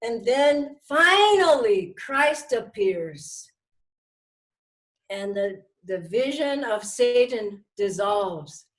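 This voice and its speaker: An older woman spiritual teacher giving an animated sermon, telling stories with dramatic shifts in voice. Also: a little high, very slow.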